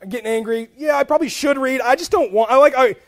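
A pastor delivers a sermon in a very high, fast voice, telling humorous stories conversationally. He's animated, slipping into soft asides before surging into loud, emphatic bursts, and he says "like" a lot and restarts phrases often.

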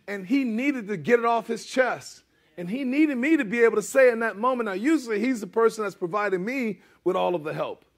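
Male pastor, middle-aged, high voice, husky edge, chatty sermon with frequent asides to the congregation. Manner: conversational, uses "amen?" and "bro" asides.

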